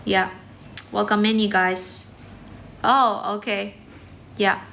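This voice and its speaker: A woman English teacher hosting a casual livestream, chatting quickly with viewers and using lots of fillers. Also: mid-range voice, flat delivery, vocal fry, fairly bright tone, a little hiss or hum. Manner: fast, chatty, many fillers, mixes in some Chinese. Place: indoors, in front of a decorated background. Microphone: phone.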